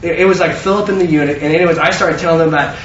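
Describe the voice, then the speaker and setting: A man preaching a sermon full of stories, animated and stumbling over repeated words. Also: a little high, racing, background noise. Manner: animated, self-interrupting with repeated words and laughs. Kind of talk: sermon with storytelling. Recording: distant roomy mic, slightly dull.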